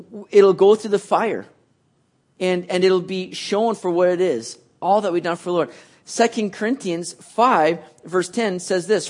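A man preaching a sermon, telling a story with acted asides and often restarting his words. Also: sits high. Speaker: pastor.

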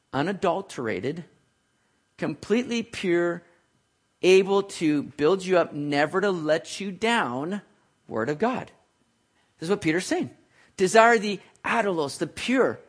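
A man delivers a sermon in a relaxed, conversational way. His voice sits high for a man, and he drops in little jokes and asides to people in the room as he teaches. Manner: conversational, jokes with listeners, writes on a board. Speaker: preacher.

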